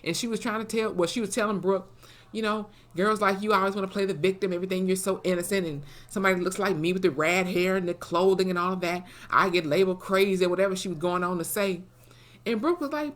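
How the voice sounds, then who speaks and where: A woman's voice: medium pitch, quick pace. A woman giving a casual, profane recap of a TV episode, animatedly acting out the characters' lines as she retells the plot. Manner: animated, profane storytelling that acts out quoted dialogue. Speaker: TV episode reviewer.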